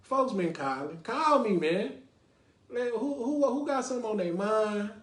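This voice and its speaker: A Lake Highlands, North Dallas podcast host runs a laid-back show with call-ins, speaking a little slowly and expressively in loose stretches that keep returning to "you know what I mean." His voice is slightly high for a man and echoes around the room.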